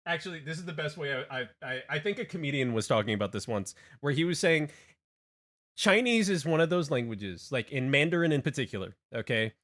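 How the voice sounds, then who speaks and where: A man's voice: fairly high pitch, lively intonation, brisk, fairly bright tone. A young man from Hawaii chatting casually on a game stream, rambling with many restarts and laughing asides.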